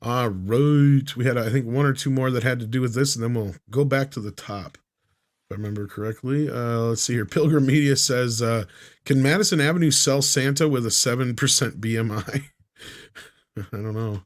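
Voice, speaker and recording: A man's voice: medium pitch, moderate pace. A man hosting a casual panel chat, reading out viewer comments and joking with the others. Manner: laughs often, loose and joking.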